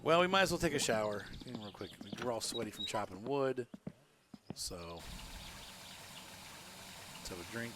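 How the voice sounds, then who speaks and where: A man's voice: medium pitch, expressive, normal speed, long pauses. A man chatting his way through a live gameplay stream from home, rambling and laughing often. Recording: loud background noise.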